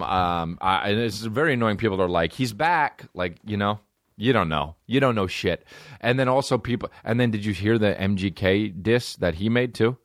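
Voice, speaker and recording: A man's voice: on the low side, dry recording, clean studio sound. A man hosting a podcast, ranting casually and profanely with rambling asides and mock rap lines. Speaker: podcast host. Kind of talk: casual comedic rant.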